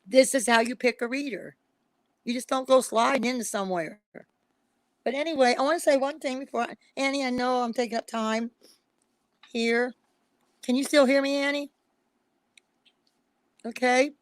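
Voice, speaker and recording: High-voiced woman, emphatic and pleading. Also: moderate pace, long pauses, no echo. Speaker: psychic reader, guest on a live stream. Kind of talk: emotional casual live-stream talk.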